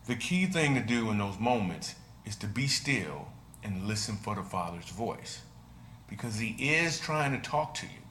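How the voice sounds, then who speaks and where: Male comedian, laid-back storyteller, roomy recording. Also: on the low side. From United States. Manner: relaxed, conversational storytelling. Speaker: stand-up comedian. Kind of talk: casual video monologue. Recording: roomy echo with faint noise.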